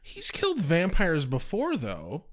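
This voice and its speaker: A man's voice: a little high, huge pitch swings, unhurried. A young man co-hosting a casual chat, swearing freely and firing off exasperated rhetorical questions. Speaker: podcast co-host.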